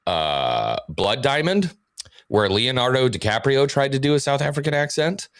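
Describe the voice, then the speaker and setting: A man's voice: medium pitch, very animated, moderate pace, fairly bright tone, no room sound, clean studio sound. A man chatting as a guest on a livestream, rambling and hunting for words with many fillers. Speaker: guest streamer. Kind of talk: casual livestream chat.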